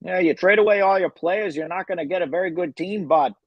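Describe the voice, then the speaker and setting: A man's voice: sits high, brisk, dry recording, lo-fi sound, pitched above the performer's own voice. A man putting on a Canadian accent, playing a slangy hockey-player type who calls people hosers and bud. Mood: folksy. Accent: put-on Canadian. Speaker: co-host.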